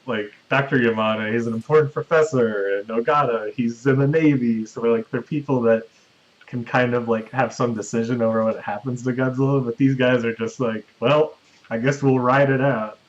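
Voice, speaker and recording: A man's voice: mid-range voice, steady tone, a little fast, highs cut off. A man hosting a podcast, casually recapping a movie's plot at length with the odd chuckle. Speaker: podcast host recapping a film. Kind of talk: casual chat.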